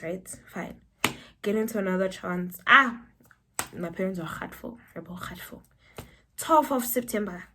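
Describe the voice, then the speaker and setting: A young South African woman telling a personal story to camera, animated and breaking into high exclamations. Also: a little hiss or hum. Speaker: vlogger.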